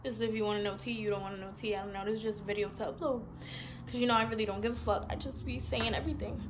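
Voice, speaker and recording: A woman's voice: mid-range voice, fairly even intonation, rapid-fire, background noise. A woman, telling a long personal story in a blunt, rambling, profane storytime vlog. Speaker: vlogger.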